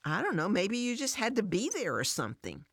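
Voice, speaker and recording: A woman voicing a frank, caring female friend who asks gentle, probing questions. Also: mid-range voice, huge pitch swings, fairly quick, breathy edge, dry recording, clean studio sound, voice pushed up, heavily acted. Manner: gentle, probing, plain-spoken.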